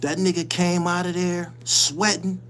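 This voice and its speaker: A man's voice: high voice, level tone, measured pace, noisy background. A man hosting his channel, telling a story in casual, profane street slang and laughing often as he goes. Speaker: channel host.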